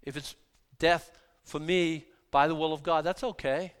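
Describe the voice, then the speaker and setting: A man preaching a sermon as pastor, animated, rising to emphatic bursts and dropping to quiet asides. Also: a little high, a little slow, clear, resonant tone.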